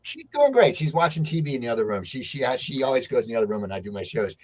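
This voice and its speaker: A man hosting a podcast, asking questions in an excitable, animated way. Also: mid-range voice, rapid-fire. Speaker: podcast host. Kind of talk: casual interview chat.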